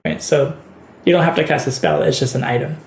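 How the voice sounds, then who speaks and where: A man's voice: a little high, fairly even intonation, a little fast, slight background noise. A man running a tabletop role-playing game as game master, explaining rules and often laughing. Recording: roomy echo.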